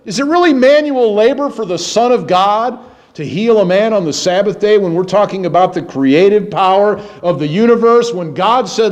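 A man preaching a sermon, moving from low, musing passages to raised, emphatic ones. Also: lively intonation, normal speed. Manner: dramatic, swings between low musing and high emphatic preaching.

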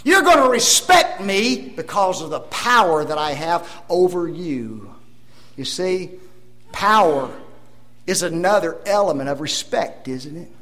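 A male preacher gives his sermon in a high, animated voice that jumps up and down as he stresses each word. He speaks slowly, swinging dramatically from loud proclamations to almost-whispered asides, and he calls the congregation "folks" while pulling them in with rhetorical tag questions.

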